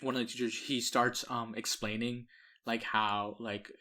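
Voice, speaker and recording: A man's voice: medium pitch, little pitch movement, moderate pace, sharp tone. A young man co-hosting a podcast, telling a story in casual chat, acting out quotes and laughing often. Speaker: podcast co-host.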